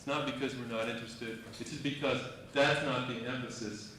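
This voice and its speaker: A man co-teaching a lecture, explaining calmly, on an old reel-to-reel tape. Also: medium pitch, brisk. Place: lecture hall. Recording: old lecture tape, distant mic in very echoey hall, faint hiss.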